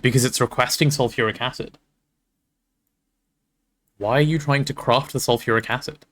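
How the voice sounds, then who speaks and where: A man chatting casually while playing on a game stream, talking to his chat and thinking out loud. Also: mid-range voice, steady tone, moderate pace.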